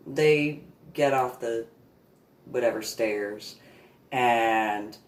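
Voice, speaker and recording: Woman reverend, 40s, unhurried rambling storyteller, echoey room recording. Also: deep voice. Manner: rambling, repeats words, sarcastic asides. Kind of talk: personal storytelling monologue.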